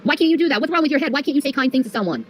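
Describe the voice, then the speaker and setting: A woman's voice: sits high, animated, racing, slight background noise. A woman streamer on a profane rant, mocking and scolding her critics. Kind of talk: profane ranting livestream.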